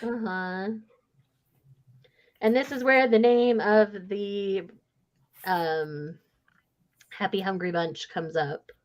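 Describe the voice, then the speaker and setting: A woman's voice: mid-range voice, takes it slowly, long pauses. A woman hosting a casual book club chat, gushing and acting out characters' lines. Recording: muffled lo-fi audio.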